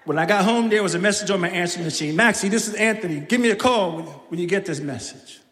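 A man from the Bronx, telling a personal story on stage, animated and laughing, acting out his own shouted lines. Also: high-pitched, quick pace. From the Bronx, New York. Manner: animated, acts out shouted quotes, laughs often. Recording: reverberant hall, faint room noise.

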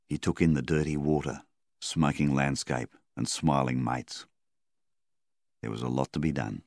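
A man with a very deep voice narrates a story at a calm, measured pace. The recording is close and dry, with no room sound. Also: gravelly, no room sound. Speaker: story reader. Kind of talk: audiobook narration.

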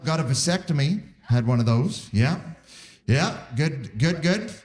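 Fairly high-pitched and animated but unhurried, this man in his forties is doing stand-up before a theatre audience. He's self-deprecating and impersonates his wife and doctors, while crowd noise and laughter fill the live stage recording.

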